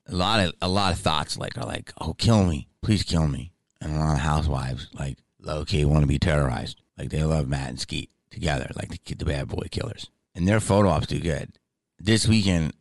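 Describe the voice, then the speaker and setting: A middle-aged man hosting a podcast, telling rambling, animated stories in casual chat. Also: sits low, dry recording, clean studio sound. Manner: rambling, animated, lots of fillers. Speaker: podcast host.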